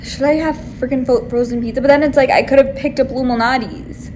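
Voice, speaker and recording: A woman's voice: sits high, fairly even intonation, brisk, background noise. A young woman vlogging to camera, venting in a rambling way with lots of fillers. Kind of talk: casual chat to camera.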